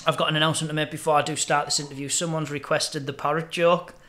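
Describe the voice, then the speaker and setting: A man's voice: a little high, little pitch movement, fast, bright, forceful tone. A man doing an impression of an older comedy writer making an announcement at a dinner. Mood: genial.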